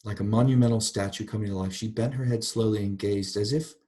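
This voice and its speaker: A man with a fairly low voice teaches a university literature class. He reads passages aloud, then stops to unpack them in a thoughtful, wandering way. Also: fairly even intonation, quick pace, warm tone. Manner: thoughtful, digressive explanation. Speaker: literature lecturer.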